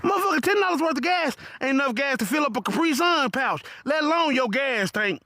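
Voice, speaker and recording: A man telling a profane comic story in an animated voice full of punchy asides. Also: very high voice, a little fast, hardly any pauses, dry recording, clean studio sound. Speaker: comedic storyteller.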